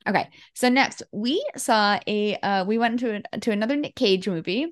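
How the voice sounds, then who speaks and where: A woman's voice: medium pitch, normal speed, no room sound, clean studio sound. A woman co-hosting a casual movie podcast, rambling with lots of fillers and frequent laughter. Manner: rambling, laughing often, many fillers and restarts. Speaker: podcast co-host. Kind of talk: casual chat about movies.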